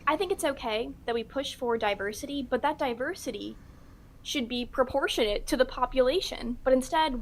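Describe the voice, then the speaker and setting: A woman delivering an opinionated commentary in a brisk, assertive and dismissive manner. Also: fairly high pitch, slight background noise. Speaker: video commentator.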